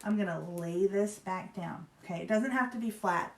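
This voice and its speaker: A woman hosts a live craft stream in an easy, rambling way, full of "y'all" and "like." Her voice sits at an ordinary middle pitch. It carries a noticeable room echo. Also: moderate pace. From Virginia, US. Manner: chatty, rambling, upbeat, says "y'all" and "like". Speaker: craft livestream host. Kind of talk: casual live craft demo chat. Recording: roomy echo.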